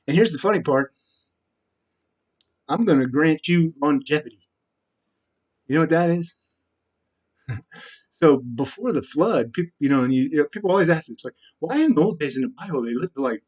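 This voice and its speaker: Male vlogger, slightly high pitch; rambling, foul-mouthed monologue with sudden loud spikes. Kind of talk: direct-to-camera monologue.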